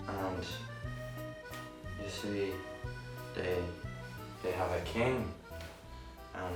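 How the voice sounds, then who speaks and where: Man playing a rambling mock-French deposed king. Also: low-pitched. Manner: rambling, self-important, bragging. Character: boastful deposed male "king of 2021". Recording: roomy, distant, noisy amateur recording.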